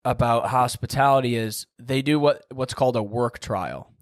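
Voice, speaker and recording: Young dude rambling on his podcast, says like a lot, mid pitch, dead dry sound. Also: normal speed, dry recording. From United States. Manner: rambling, lots of "like", swears casually. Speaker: podcast host. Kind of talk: casual storytelling monologue.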